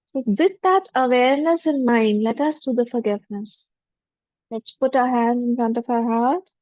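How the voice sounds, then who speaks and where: A woman, a spiritual teacher leading a guided forgiveness meditation in a gentle, humble voice with repeated affirmations. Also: fairly high pitch, dry recording. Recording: dull lo-fi dry recording.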